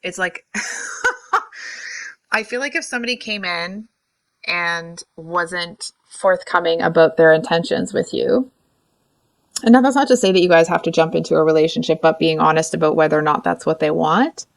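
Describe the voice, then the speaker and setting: A lower-pitched woman talks through a tarot spread in a casual, frank way, getting animated as she goes. She keeps stopping to correct herself and checks in with the listener. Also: normal speed, vocal fry. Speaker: tarot reader. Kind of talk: casual tarot reading monologue.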